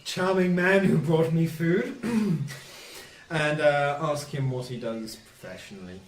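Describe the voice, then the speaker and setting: A man's voice: on the high side, slow, roomy sound, slight background noise. A man playing a tabletop game in a playful, laughing way. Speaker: player. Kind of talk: casual tabletop play.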